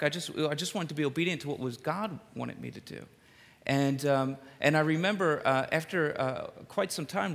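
A man from the Philadelphia area delivers a sermon in a large hall, his voice bright with a gravelly edge and ringing off the walls. He tells stories in an animated way, slipping in quick jokes and repeating words for effect. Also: a little high. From Philadelphia area, USA. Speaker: preacher. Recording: reverberant hall.

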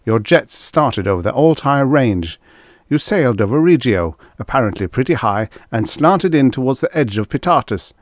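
A man voicing a gruff, impatient male colonel who barks orders loudly in a vintage science fiction audiobook. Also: medium pitch, animated, normal speed, no echo, clean studio sound, pitched above the performer's own voice, close to an everyday voice. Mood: urgent. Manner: loud, barking, commanding.

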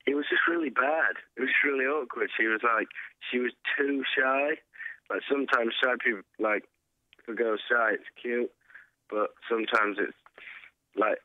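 A man's voice: mid-range voice, no echo, phone-quality sound. A young man being interviewed as a guest musician, answering in an easygoing, hesitant way with many fillers. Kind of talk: casual interview.

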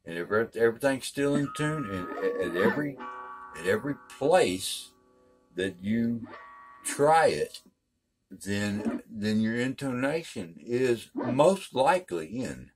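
A man's voice: medium pitch, very animated, a little slow, slightly rough. An older man giving a casual guitar lesson in a folksy, emphatic way, repeating his points. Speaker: guitar teacher.

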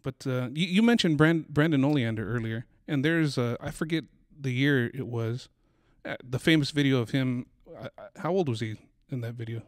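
A man hosts a podcast and asks his questions in a relaxed, easygoing way, often restarting his sentences. His voice is mid-pitched, and the sound is dry and close with no room echo. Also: moderate pace. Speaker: podcast host. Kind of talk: casual interview.

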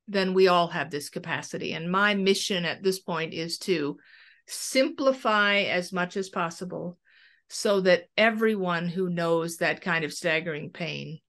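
A woman's voice: fairly low pitch, a bit bright. A middle-aged woman, a medium and researcher, telling a personal story in an interview and acting out the dialogue as she goes.

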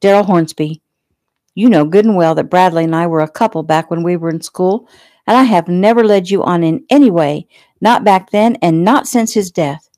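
A woman's voice: on the low side, moderate pace, warm tone, dry recording, natural voice. A woman reading the lines of a proud, weary young mother with an earnest, indignant manner in a casual audiobook.

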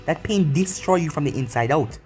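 A man voicing a proud, grieving young male emperor in a read-aloud story, in a steady reading tone. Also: on the high side, a little fast, faint music behind, natural voice. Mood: intense.

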